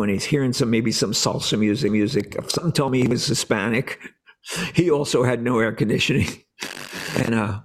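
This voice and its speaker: An older American man on a video call, telling an animated story, acting out voices and sometimes dropping to a whisper. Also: medium pitch. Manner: animated, acts out dialogue, drops to whispers. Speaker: guest musician. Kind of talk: storytelling interview.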